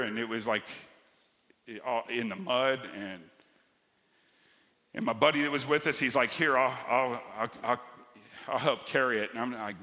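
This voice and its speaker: Man, pastor, sermon, storytelling, emphatic, very bright tone, long hall echo. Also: mid-range voice. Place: church sanctuary. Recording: church hall with long reverb.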